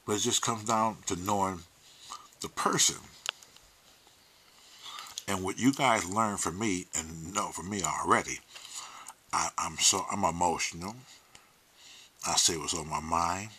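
A man's voice: low voice, unhurried, long pauses, sharp tone, slight background noise. A man hosting his own livestream, talking candidly and emotionally, swearing freely and sometimes dropping to a near-whisper. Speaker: host. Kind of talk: casual livestream monologue.

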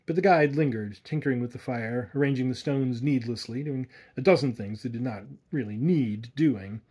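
A man reading a horror story aloud in measured, atmospheric narration. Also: mid-range voice, mellow, slightly rough, lo-fi sound. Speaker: audiobook narrator. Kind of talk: scripted narration.

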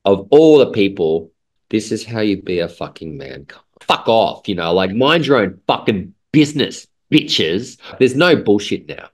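A man's voice: fairly low pitch, big pitch swings, measured pace. A man, a guest in a casual talk, rambling in an emphatic and heavily profane way. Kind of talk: casual conversation.

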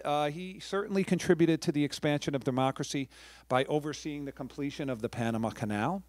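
A man's voice: mid-range voice, fast, no echo, clean studio sound. A middle-aged man from New York, a professional storyteller giving a chatty talk to a live audience, with friendly asides and restarts.

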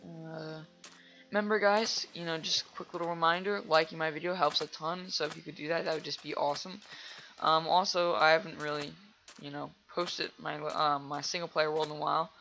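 A man giving casual let's play commentary while he plays, rambling chattily with lots of fillers and breaking into loud excited reactions to the game. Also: fairly high pitch, fairly quick, gravelly, soft background music. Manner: rambling and chatty, full of "like" and "you know".

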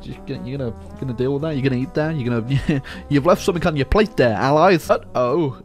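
A man's voice: mid-range voice, quick pace, faint music behind. A man commentating a strategy game, joking sarcastically to his viewers, with many fillers and self-corrections. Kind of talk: video game let's-play commentary.

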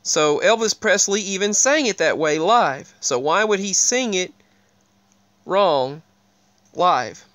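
A man's voice: high-pitched, animated, slow pace, a bit bright, no echo. A man talking casually to his viewers, rambling with frequent restarts and pointing them to what is on the screen. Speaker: video creator. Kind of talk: casual talk to camera.

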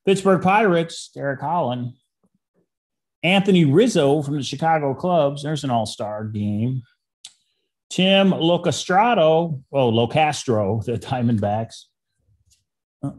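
A man hosting a casual card-opening video, reading names aloud and dropping into quiet asides. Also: on the high side. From Detroit area. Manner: reads names flatly, drops into quiet asides. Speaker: channel host.

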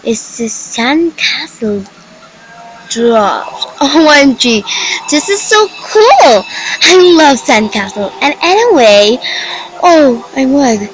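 A young woman commenting on her game with excited exclamations and slightly broken phrasing. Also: sits high, takes it slowly, a little hiss or hum, rough recording. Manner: gushing, exclaims often, slightly broken non-native phrasing. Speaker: gaming video creator.

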